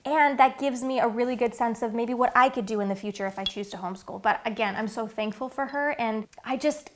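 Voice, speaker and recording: A woman's voice: a little high, fairly quick. A woman in her thirties talking casually to camera about her family's routine, earnest and chatty with many fillers. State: getting emotional, near tears. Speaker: vlogger and mother.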